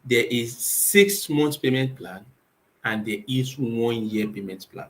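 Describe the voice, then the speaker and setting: Nigerian man, real estate owner, mid-pitched, drills points with call-and-response questions. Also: slow, fairly bright tone, low-quality recording. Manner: emphatic, asks rhetorical questions and answers them himself. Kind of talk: spoken advice talk.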